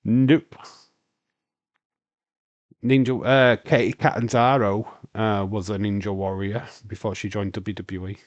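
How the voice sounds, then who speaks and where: A man's voice: fairly low pitch, little pitch movement, a little slow, pauses often, no echo, highs cut off. A man with a Yorkshire accent hosting a casual wrestling watch-along stream, rambling on and answering chat questions with lots of fillers.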